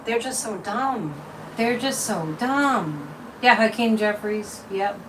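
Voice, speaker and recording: A woman's voice: medium pitch, expressive, slow, far from the mic, noisy background. A woman from Massachusetts hosting a casual psychic livestream, chatty and mocking, repeating words and laughing often.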